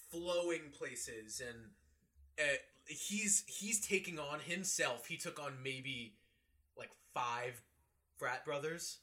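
Bright-toned young man chatting casually. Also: on the high side. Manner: relaxed, laughs along, quick asides. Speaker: podcast co-host. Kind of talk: casual chat.

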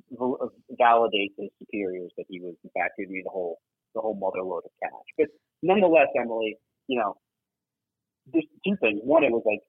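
Husky man on a tinny line. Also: medium pitch, no room sound. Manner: casual, swears, many fillers. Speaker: guest, former double agent. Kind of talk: animated storytelling.

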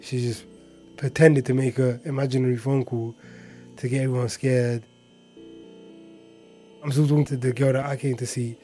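Male, warm mellow tone, chatty anecdote teller with faint music behind. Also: mid-range voice, level tone, moderate pace, pauses often. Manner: chatty, heavy on filler words and asides. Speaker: storyteller. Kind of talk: casual anecdote telling.

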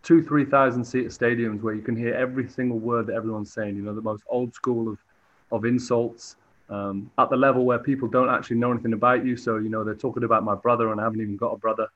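A man's voice: medium pitch, steady tone, fast, fairly bright tone. A man from England, a football goalkeeper, answering interview questions hesitantly with many restarts. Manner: hesitant, lots of fillers and restarts. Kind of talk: relaxed sports interview. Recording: dull lo-fi audio.

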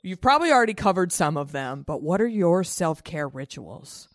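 A woman's voice: on the low side, very animated, normal speed, no echo. A woman hosting a podcast in casual chat, playful and gushing, with a dry close-mic sound. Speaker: podcast host.

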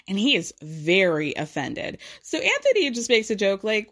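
A woman's voice: a little high, big pitch swings, moderate pace. Young woman dishing gossip on a reality show, sarcastic, voice jumping all over. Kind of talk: casual reality-TV recap.

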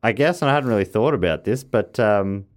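A man with a fairly low voice co-hosts a casual podcast chat. He reads out listener messages, stops and restarts sentences, and laughs often between remarks. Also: animated, brisk. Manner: chatty, laughs often, frequent fillers and restarts. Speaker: podcast co-host reading listener mail.

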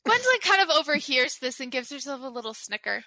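Bright-voiced woman game master. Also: sits high, very animated, quick pace. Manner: chatty, descriptive, with filler words. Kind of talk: narrating a tabletop game.

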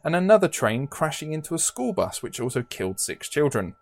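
A man's voice: on the high side, big pitch swings, brisk, vocal fry. A man co-hosting a podcast, telling a true crime story in a casual, joking way and laughing often. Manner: chatty, laughs often, jokey.

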